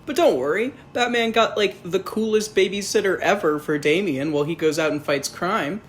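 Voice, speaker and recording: A man's voice: high-pitched, normal speed, slight background noise. A man casually reviewing a film in a rambling, profane, sarcastic way.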